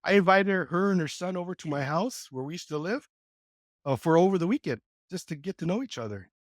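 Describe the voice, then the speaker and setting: A man in his sixties from California, a podcast guest telling his life story in a casual, animated way and acting out the quoted dialogue. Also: fairly quick, no room sound, clean studio sound. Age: 60s. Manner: animated, acts out quoted dialogue with lively pitch jumps. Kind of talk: conversational storytelling.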